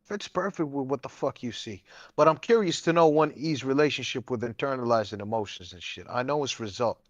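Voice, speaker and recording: A man's voice: mid-range voice, animated, brisk, no room sound, muffled recording. A man in casual chat, asking pointed questions in a blunt, profane way.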